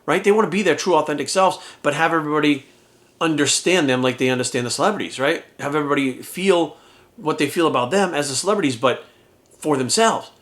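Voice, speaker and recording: A man's voice: on the high side, fast, a bit bright. A middle-aged fitness coach talking casually and bluntly to his camera, swearing often as he makes his point. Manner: blunt, profane, heated.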